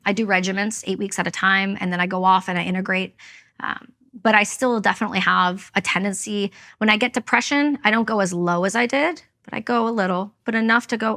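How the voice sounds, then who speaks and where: A woman's voice: medium pitch, fairly bright tone. A woman from Canada, a veteran and guest, telling a personal story in an interview, candid and blunt.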